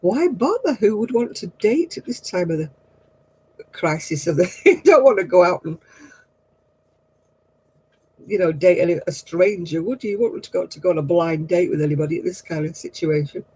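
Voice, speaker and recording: A woman's voice: on the low side, normal speed, long pauses, mellow, slightly rough, low-quality recording. A woman, chatting casually with viewers on a craft livestream, laughing often and dropping homely exclamations. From northern England.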